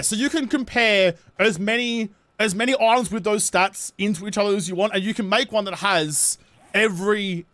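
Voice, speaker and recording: A man's voice: high voice, fairly bright tone, no room sound, clean studio sound. A young Australian man livestreaming a game, bantering with chat in a sweary, sarcastic, rambling way. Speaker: streamer. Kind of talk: casual gameplay livestream chat.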